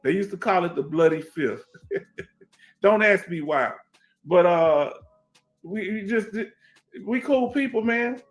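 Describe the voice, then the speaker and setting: He takes it slowly and pauses often, his high voice riding over soft background music. The speaker is a middle-aged veteran from Houston, Texas, hosting a casual livestream on a headset; streetwise and emphatic in Houston Black American English, he reads chat, repeats himself and asks "you understand?"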